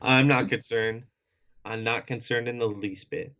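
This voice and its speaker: A man co-hosting a podcast, reviewing comics in a relaxed chat, laughing often and saying "like" a lot. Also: medium pitch, unhurried. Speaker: podcast co-host.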